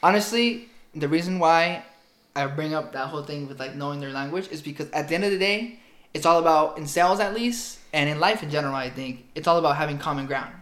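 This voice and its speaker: A man co-hosting a podcast in casual chat, talking with lively energy and laughing often, a Spanish speaker first. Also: fairly high pitch, fast, reverberant. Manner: animated, laughs often, does mock phone voices. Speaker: podcast co-host.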